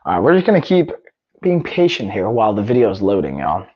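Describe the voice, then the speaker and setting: An upbeat man hosts a casual live stream from home, and his pitch swings a lot as he chats. He keeps tossing in "y'all" and mutters to himself while he fiddles with things. The sound is dry and a bit muffled. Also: wildly swooping pitch, fast, dry recording. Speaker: livestream host. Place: home gym.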